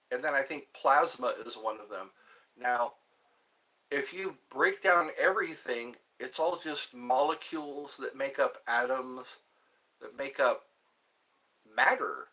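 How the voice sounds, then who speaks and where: A man hosting a live stream alone, musing slowly and meandering while he answers viewer chat. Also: medium pitch, pushed and bright. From United States.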